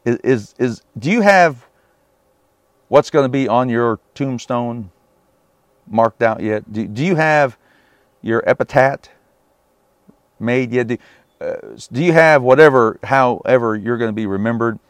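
A man's voice: mid-range voice, measured pace, long pauses, dry recording. A man preaching a sermon on a Bible passage, emphatic and often asking his listeners rhetorical questions.

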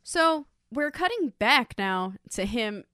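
Woman, lively high voice, casual show recap, swears a lot, acts out lines, dry close sound. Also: slow, dry recording. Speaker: podcast co-host.

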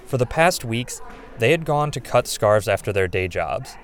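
Calm male reporter narrating. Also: medium pitch, moderate pace, a little hiss or hum. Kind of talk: scripted narration and field interviews.

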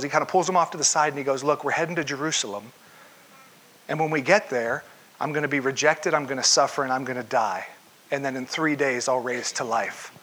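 A man's voice: on the high side, bright, forceful tone. A male pastor preaching a conversational sermon to his congregation, asking them questions along the way.

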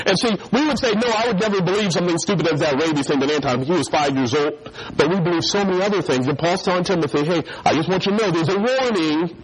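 A man's voice: sits high, fast talker, few pauses, low-quality recording. A man preaching a sermon and telling a childhood story, acting out the voices of the people in it. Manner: animated storyteller who acts out voices.

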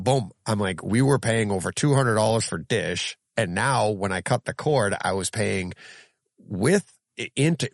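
A man hosting a podcast in casual chat, an animated storyteller who gets lively in his anecdotes. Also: lowish voice, gravelly, no echo. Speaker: podcast host.

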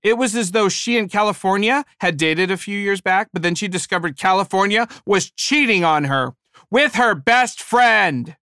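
A man's voice: high-pitched, moderate pace, bright, forceful tone, clean tone, no room sound, studio quality. A man giving a devotional talk, telling stories in a wry, conversational way. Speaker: devotional speaker.

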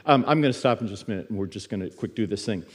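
A man's voice: fairly low pitch, expressive, rapid-fire, slightly rough. A middle-aged man teaching in a church service in a conversational, storytelling way, often stammering and restarting his words.

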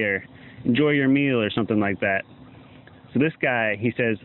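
A man's voice: mid-range voice, a little fast. A man from Georgia calling in to a podcast, rambling in a riled-up way. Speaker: caller. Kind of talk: phoned-in voicemail. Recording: tinny phone line, faint hiss.

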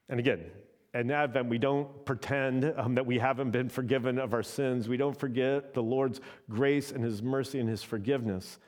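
Conversational male preacher, "right?" asides. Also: medium pitch. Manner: conversational, often adds "right?". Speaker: pastor. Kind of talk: sermon.

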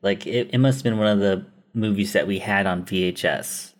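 Low-voiced, relaxed male podcast host. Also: fairly quick. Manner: relaxed, amused, often laughing along. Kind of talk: casual chat.

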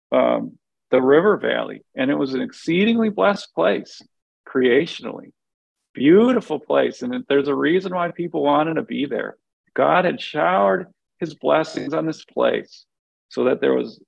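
A man with a deeply gravelly, creaky voice talks through a Bible passage for a podcast. He is earnest and conversational, circling back and restarting as he reaches for the right words. The sound is dry and a little dull, as if heard through a modest microphone. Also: no room sound. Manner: earnest, thinks aloud with many restarts and fillers. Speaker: podcast co-host.

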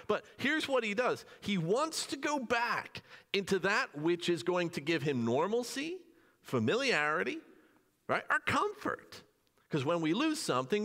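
A pastor with a bright, somewhat high voice preaches to his church in a loose, conversational way, often asking the congregation questions and acting out short bits of dialogue. His pitch swings widely and animatedly. The sound carries a long reverb from the sanctuary. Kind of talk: sermon.

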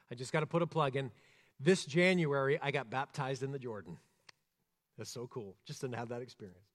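A man preaching a sermon, earnest, rising to emphasis and dropping soft and slow. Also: a little high. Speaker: pastor. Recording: long reverb of a church hall.

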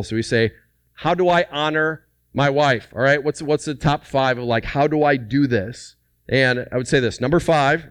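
A man preaching a lively, joking sermon to men at a church service, calling out to the audience for responses. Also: medium pitch, clear, resonant tone, no room sound. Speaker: pastor.

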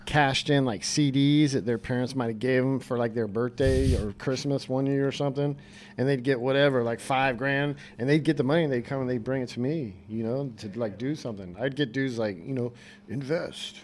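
A man from California and Virginia, a guest telling stories in a relaxed, rambling way. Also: medium pitch, fairly quick, slight background noise. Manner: relaxed, rambling, says "you know, like" a lot. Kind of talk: casual storytelling.

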